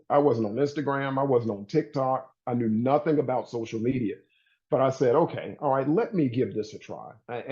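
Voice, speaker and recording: Laid-back man with a mellow voice. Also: mid-range voice, dull audio. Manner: laid-back, grows animated when excited. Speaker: interview guest, plant-based recipe creator. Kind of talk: conversational interview.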